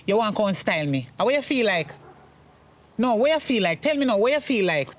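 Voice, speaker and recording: Guy doing a jamaican mama, scolding and bossy, pitched up high, bit of noise behind. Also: a little fast, natural voice. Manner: scolding, then apologetic. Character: scolding middle-aged Jamaican mother. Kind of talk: comedy skit acting.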